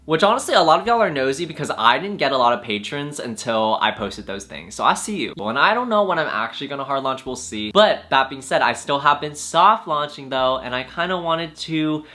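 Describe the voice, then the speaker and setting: A man vlogging in a casual, candid way, chatting to camera about his relationship and sometimes jumping into a high playful voice for quoted lines. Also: expressive, a little fast, few pauses, pushed and bright.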